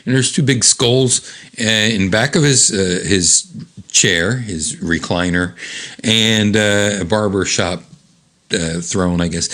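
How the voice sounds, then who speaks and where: A man's voice: on the low side, slow, a bit bright. A man hosting a casual read-aloud, describing comic panels in a rambling, chuckling way with many fillers. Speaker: host reading comics aloud.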